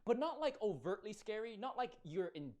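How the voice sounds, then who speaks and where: A man giving playful commentary, musing aloud in an animated way. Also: sits high, normal speed. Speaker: video commentator.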